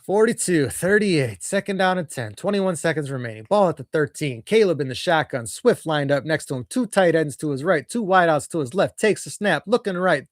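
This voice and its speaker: A young man giving nervous, excitable fan play-by-play of a football game, his voice jumping during big plays. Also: on the high side, brisk, few pauses, dry recording, studio quality. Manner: nervous, excitable, voice jumps when plays unfold. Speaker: fan commentator.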